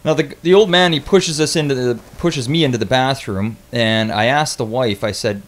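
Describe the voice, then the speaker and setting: A young man casually telling a travel story on his vlog, animated and swearing freely, with lots of restarts. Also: medium pitch, moderate pace.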